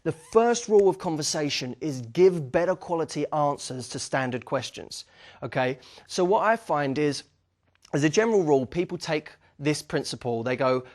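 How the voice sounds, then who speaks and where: A young man gives a lively dating lesson, his voice sitting a little high for a man. He keeps checking in with "okay?" and acts out short bits of sample conversation as he goes. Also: fairly quick. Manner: energetic, acts out sample dialogue, frequent "okay?" check-ins. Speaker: dating coach. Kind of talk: instructional talk to camera.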